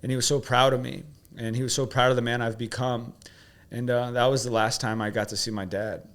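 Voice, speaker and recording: A man's voice: medium pitch, little pitch movement, fairly quick, a bit bright. A man coaching his host through questions, then telling a personal story with emotion. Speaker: guest coach.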